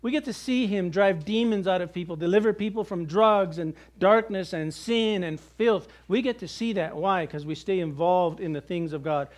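High-voiced male preacher, conversational. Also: moderate pace, hardly any pauses. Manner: conversational preaching with jokes and acted quotes. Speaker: pastor. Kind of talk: sermon.

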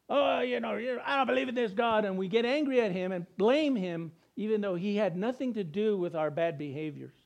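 High-voiced emphatic male preacher. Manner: emphatic, repetitive cadence with sudden loud bursts. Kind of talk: sermon.

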